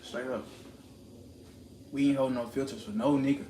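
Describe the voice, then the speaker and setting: A man's voice: medium pitch, normal speed. Man ranting into a roomy live stream. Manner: confrontational, preachy, repeats lines for emphasis. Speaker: livestreamer. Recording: roomy echo with steady background noise.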